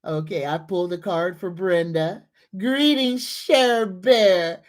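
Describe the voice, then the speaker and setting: A woman hosting a psychic livestream, greeting viewers, reading comments and leading affirmations. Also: lowish voice. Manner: greets viewers warmly, leads slow repeated affirmations.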